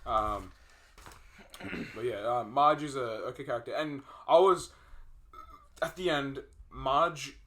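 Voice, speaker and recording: A man's voice: medium pitch, slow, pauses often, sharp tone. A young man co-hosting a podcast, casually retelling film scenes in a rambling way with many fillers and restarts. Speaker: podcast co-host.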